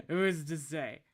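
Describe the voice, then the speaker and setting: A young adult woman chatting casually on a livestream while she draws, excitable and gushing, laughing often. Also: sits low. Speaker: art streamer.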